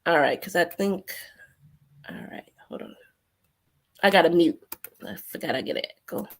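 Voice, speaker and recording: A woman's voice: on the low side, animated, normal speed, breathy edge. A woman hosting a livestream, ranting bluntly and profanely in a rambling way. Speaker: host. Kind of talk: heated livestream commentary.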